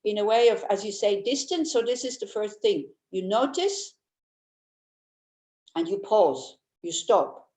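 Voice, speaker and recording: An older woman teaches Buddhist practice in a chatty, anecdotal way, often laughing. Her voice sits at an ordinary middle pitch. The room around her rings with a noticeable echo. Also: lively intonation, a little slow. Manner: chatty and anecdotal, with frequent restarts; warmly humorous, laughs easily. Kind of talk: informal Dharma teaching. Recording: roomy echo.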